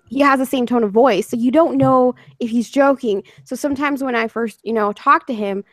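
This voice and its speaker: A woman interviewer keeps the conversation relaxed and often laughs along. Her voice sits a little high, and the recording is dry and close. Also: fairly quick, no room sound. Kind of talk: casual video chat.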